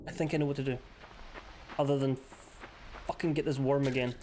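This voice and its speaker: A man's voice: medium pitch, fairly even intonation, a little fast, a little mellow, a little hiss or hum. A man streaming a game, swearing freely and joking back and forth with his chat. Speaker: livestreamer. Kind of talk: casual gaming stream chat.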